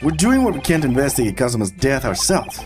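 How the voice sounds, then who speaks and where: A man's voice: medium pitch, sing-song, fast talker, close to an everyday voice. A man voicing an earnest young male protagonist in a plain, earnest voice, reading game dialogue aloud. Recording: game music behind.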